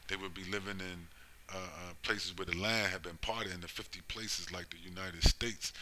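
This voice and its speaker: A man preaching about prophecy in a rhetorical, emphatic way, who keeps asking "right?" and "you see?" and slows down to stress scripture. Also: sits low, pushed and bright, a little hiss or hum. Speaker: religious commentator.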